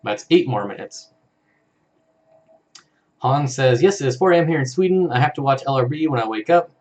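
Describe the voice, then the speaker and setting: A man's voice: mid-range voice, lively intonation, moderate pace. A man hosting a casual live stream, reading out viewer comments in an easygoing way and chuckling often. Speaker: live-stream host for an aquarium channel.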